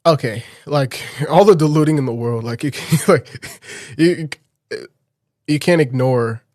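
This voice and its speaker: A man telling a personal story in a casual podcast chat. He talks in an animated way and laughs often. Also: fairly high pitch, measured pace, no echo, studio quality. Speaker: podcast guest.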